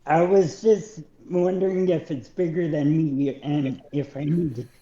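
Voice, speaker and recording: A man asks slow, hesitant questions as a tabletop player. His tone is dark and mellow, a bit higher than average. The recording is roomy and dull. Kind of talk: casual tabletop game chat. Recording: echoey dull lo-fi mic.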